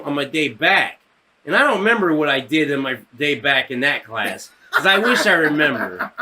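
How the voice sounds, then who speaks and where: A man telling a story on a podcast in casual conversation, his voice bright and bouncing all over the place in pitch. He acts out the other people's voices and laughs through his own punchlines. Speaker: podcast co-host.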